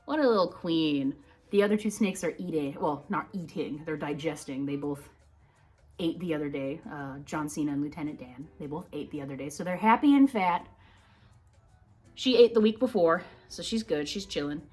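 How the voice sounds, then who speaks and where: Rambling, chatty woman with a lowish voice. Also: normal speed, a little mellow, soft background music. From Minnesota, United States. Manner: rambling, chatty storyteller who wanders off topic; laughs often while talking. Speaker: reptile channel host. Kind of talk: casual educational vlog.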